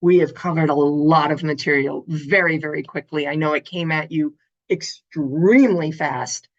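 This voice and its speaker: A woman speaker giving a motivational summit talk, telling stories in an expressive, animated way. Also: low voice, moderate pace, lo-fi sound. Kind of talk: summit talk to an online audience.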